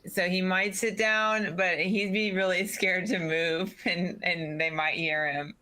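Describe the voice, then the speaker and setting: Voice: medium pitch, steady tone, takes it slowly, pushed and bright. A player in a tabletop game, hesitant and thinking aloud about what their character does. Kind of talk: casual chat.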